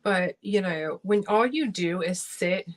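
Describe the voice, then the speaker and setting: A young woman chats on a livestream while doing her makeup, her voice sitting a little low. She talks bluntly and heatedly, ranting with frequent swearing. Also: takes it slowly. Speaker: beauty vlogger hosting a livestream.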